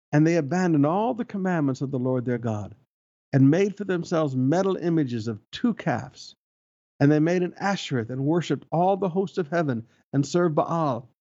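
A man's voice: high-pitched, a little mellow. A middle-aged male pastor, preaching an emphatic sermon full of rhetorical questions. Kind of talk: expository sermon. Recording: dull lo-fi sound.

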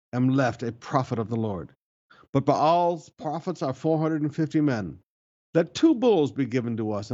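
Male pastor, mid-pitched, preaching with emphatic repetition; slightly dull recording. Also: a little mellow. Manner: preaching with emphatic lifts and repeated phrases. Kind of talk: sermon.

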